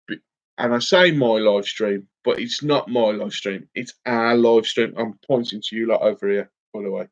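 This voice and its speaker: A man's voice: medium pitch, a bit bright. Guy hosting a fishing stream, chatty and a bit emotional, says mate loads, dullish audio. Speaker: fishing livestream host. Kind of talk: casual livestream chat reading comments. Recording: slightly dull lo-fi stream audio.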